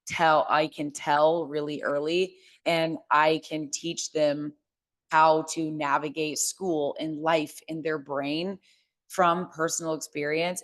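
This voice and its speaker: Deep-voiced chatty young woman. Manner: open, emotional, chatty with many fillers and restarts. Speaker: podcast host. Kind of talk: candid casual chat.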